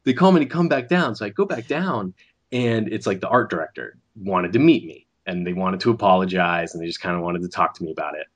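Man, thirties, husky low voice, animated storytelling, acts out quotes. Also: brisk. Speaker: animator guest. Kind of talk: casual storytelling.

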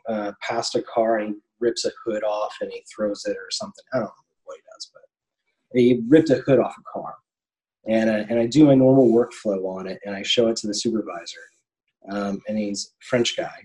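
A man's voice: fairly low pitch, moderate pace, a little mellow, poor audio. Rambling man telling a work story. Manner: rambling, many ums and restarts. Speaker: animator guest. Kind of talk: casual interview storytelling.

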